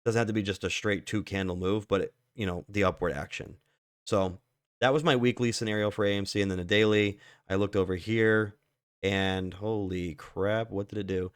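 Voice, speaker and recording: A man's voice: fairly low pitch, fairly even intonation, fairly quick, clear, resonant tone, no echo, clean studio sound. A man casually walking through stock charts, rambling with lots of fillers and the odd curse. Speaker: stock market commentator. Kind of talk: casual chart analysis walkthrough.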